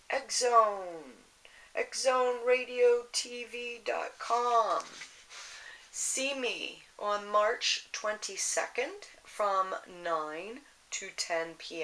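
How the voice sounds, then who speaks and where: A woman's voice: mid-range voice, sharp tone, slight background noise, rough recording. A woman giving a casual astrology and tarot reading, rambling with lots of "you know" and restarts in a motherly, advice-giving way. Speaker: tarot reader.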